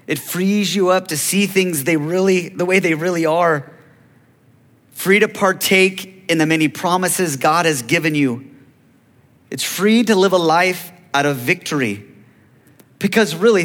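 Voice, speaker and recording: A man's voice: a little high, fairly bright tone. A man preaching a sermon, acting out biblical dialogue and calling to the congregation for amens. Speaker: pastor. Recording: long hall reverb.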